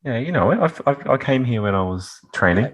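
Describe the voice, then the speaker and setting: A man's voice: medium pitch, lively intonation, a little fast, fairly bright tone. A man playing a tabletop game, asking about dice rolls and laughing eagerly. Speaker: player. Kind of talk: casual game-table talk.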